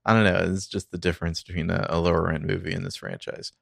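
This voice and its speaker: A man co-hosting a casual film discussion podcast, rambling in a relaxed way with many fillers. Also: deep voice, fast talker, vocal fry, no echo, studio quality. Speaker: podcast co-host.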